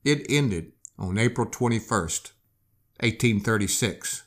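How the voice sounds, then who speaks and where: A man hosting a history show, telling the story in a dramatic, expressive way. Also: on the low side, takes it slowly. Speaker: history podcast host. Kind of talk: storytelling narration.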